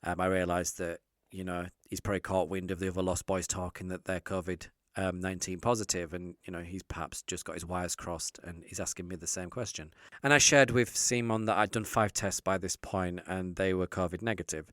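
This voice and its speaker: A man telling a story as an interview guest, lively and acting out the dialogue he quotes. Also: deep voice, brisk, dry recording, studio quality. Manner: animated, acts out quoted dialogue.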